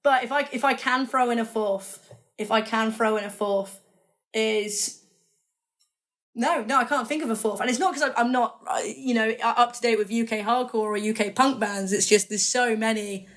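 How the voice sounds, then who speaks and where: A woman's voice: on the high side, moderate pace, a bit bright. A woman, a magazine editor guest, chatting casually and enthusiastically, rambling and correcting herself as she goes. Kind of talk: casual interview chat.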